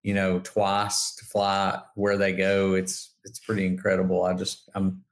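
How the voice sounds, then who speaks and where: A man's voice: low voice, monotone, measured pace. A man co-hosting a podcast in casual chat, talking loosely with lots of fillers and laughs. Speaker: podcast co-host.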